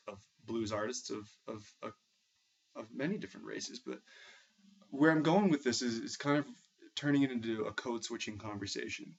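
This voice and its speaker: Young man, New England accent, music teacher, hesitant reflective talk, mid-pitched voice, muffled recording. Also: vocal fry, slightly rough. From Massachusetts. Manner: thoughtful, hesitant, with frequent restarts. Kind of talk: casual spoken reflection. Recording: dull lo-fi recording.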